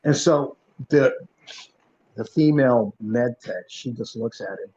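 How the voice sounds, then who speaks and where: A male podcast host and former police officer telling a story in an animated, punchy way, acting out the dialogue. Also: medium pitch, unhurried. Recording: muffled lo-fi recording.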